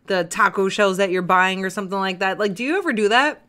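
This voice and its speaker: Brief: young woman, podcast host, bright forceful voice, loose rambling chat. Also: mid-range voice. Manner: chatty, rambling, quick to laugh. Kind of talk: casual chat.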